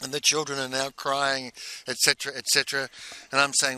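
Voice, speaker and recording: A man coaching in a monologue, telling a personal story in a halting way and repeating phrases for emphasis. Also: mid-range voice, monotone, sharp tone, clean tone. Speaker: business coach.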